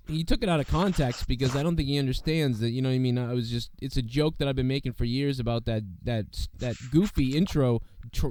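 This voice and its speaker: A hoarse, sick man hosting a podcast in casual, rambling, profane chat full of fillers. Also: mid-range voice, darkish tone. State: hoarse from illness. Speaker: podcast host.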